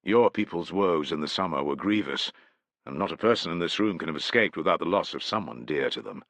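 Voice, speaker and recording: A man's voice: sits low, animated, fairly bright tone, no echo. A man voicing a guarded war leader. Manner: measured, courteous. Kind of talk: audiobook character voice.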